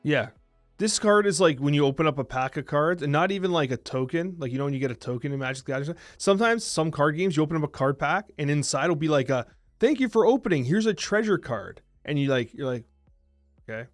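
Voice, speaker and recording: Guy in his 30s talking super fast on a podcast, kinda high voice, dry close mic. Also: no room sound, soft background music. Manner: animated storytelling, quick and talkative. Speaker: podcast co-host. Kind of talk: casual chat.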